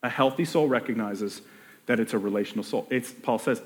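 Speaking a little fast in a mid-range voice, a pastor delivers a casual, conversational sermon in what sounds like a large room. He frequently starts his sentences over and acts out the inner voices of people.

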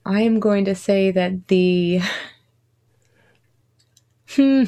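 Woman in her 30s gushing about music stuff, laughs a lot, gets all excited. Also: mid-range voice, normal speed. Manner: excitable, laughs often, animated retelling. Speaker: musician guest. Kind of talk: casual interview chat.

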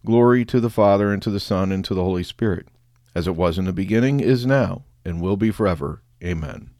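A man with a lowish voice chants psalms and prayers in a steady, measured cadence, letting each phrase sink at its close. The sound is dry and close, with no room echo. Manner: measured chanting cadence, drops pitch on closing words. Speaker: prayer leader.

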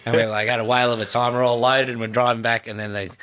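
A man's voice: mid-range voice, level tone, racing, fairly bright tone, smooth. An Australian man in his thirties telling a story casually, profane and self-mocking. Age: 30s.

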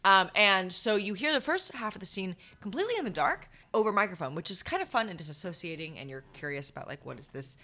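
A woman's voice: mid-range voice, expressive, fast, hardly any pauses, pushed and bright. A young woman co-hosting a podcast, chatting casually about a stage show with lots of hedging fillers. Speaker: podcast co-host. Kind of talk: casual theater review chat.

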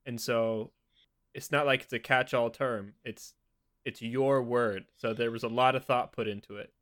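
A man's voice: medium pitch, fairly even intonation, normal speed, a bit bright. Casual man playing a tabletop game. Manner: casual, rambling. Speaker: player.

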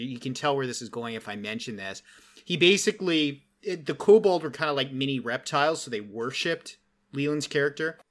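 A man hosting a casual talk, telling game-master stories with animated energy and many "like" fillers. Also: medium pitch. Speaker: podcast host and game master. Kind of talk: casual storytelling chat.

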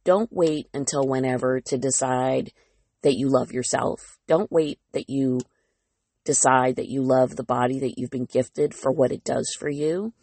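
Woman, podcast host, reflective monologue, candid and self-deprecating, gravelly voice, dry close sound. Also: a bass voice, steady tone, unhurried, a little mellow, no echo.

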